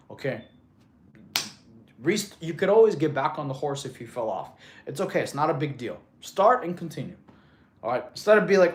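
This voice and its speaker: A man in his thirties talks through a live stream, reading messages aloud and answering them in an easy, laid-back manner. His voice sits a little high for a man, and he calls people bro. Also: lively intonation, moderate pace. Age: 30s. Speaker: fitness streamer.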